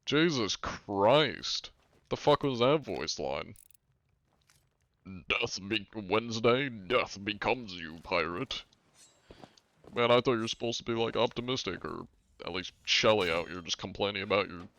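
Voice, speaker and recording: Brief: deep-voiced male game streamer, relaxed and dry, casual about cursing. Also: moderate pace, creaky, highs cut off. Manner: laid-back, wry, swears casually. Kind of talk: casual live-stream chat.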